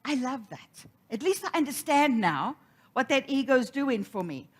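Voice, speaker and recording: Middle-aged woman preacher, animated storyteller with a lively, swooping delivery. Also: high-pitched, unhurried. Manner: storytelling, animated, acts out quoted voices. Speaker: minister. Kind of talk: sermon.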